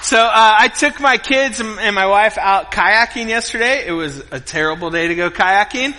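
A middle-aged man preaching a sermon as the pastor, telling a story in an animated way with acted-out quotes and yelps. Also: sits high, normal speed, some chatter behind. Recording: reverberant hall.

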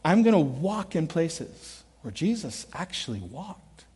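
A middle-aged man preaching a sermon, telling stories with lively acted quotes and dropping to quiet, earnest asides. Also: fairly high pitch, measured pace, breathy edge. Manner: animated storytelling, shifts between loud acted quotes and quiet earnest asides. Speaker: pastor. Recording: long reverb of a large hall.

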